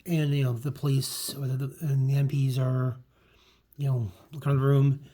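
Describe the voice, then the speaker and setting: A man's voice: mid-range voice, level tone, normal speed, mellow. A man casually talking through an old comic book, rambling with lots of fillers and restarts. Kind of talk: casual chat.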